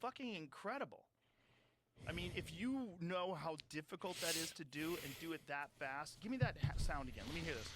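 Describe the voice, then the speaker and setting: Animated, profane man in casual chat. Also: a little high, brisk, a little hiss or hum. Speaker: podcast host.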